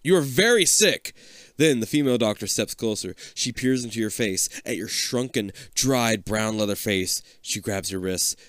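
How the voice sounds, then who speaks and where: A man's voice: normal speed, hardly any pauses, no echo. A man reading a choose-your-path book aloud for laughs, with casual swearing and jumpy put-on voices for the characters. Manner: lively, swings into squeaky put-on voices for quotes. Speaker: reader and co-host.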